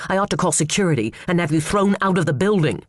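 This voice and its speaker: Man doing a sharp, fierce woman prosecutor. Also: high-pitched, animated, fast, no echo, clean studio sound, voice pushed up. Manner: curt, cutting. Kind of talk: audiobook character voice.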